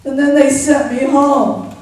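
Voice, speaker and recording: A woman's voice: sits high, level tone, unhurried, darkish tone. A woman playing a poor young trailer-park mother. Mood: earnest. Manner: confiding, addressing the listener by name. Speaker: stage character. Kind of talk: live one-woman theatre monologue. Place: theatre stage. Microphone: distant stage mic. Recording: echoey theatre from far off.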